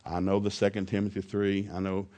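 A man preaching a sermon, telling a personal story in a lively, humorous way. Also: sits low, fairly quick.

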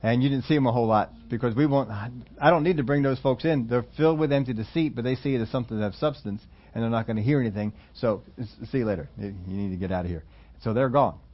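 A man preaching a sermon in a conversational storytelling way, laughing between points and rising into loud emphatic quotes. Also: medium pitch, quick pace, few pauses, highs cut off. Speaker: pastor.

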